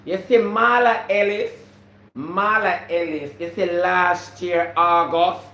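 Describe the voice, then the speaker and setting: Jamaican man, live-stream host, higher voice, preachy and repetitive, echoey room recording. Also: fairly even intonation, takes it slowly, bright, forceful tone. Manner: preachy, greets viewers by name, repeats himself. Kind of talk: casual live-stream monologue.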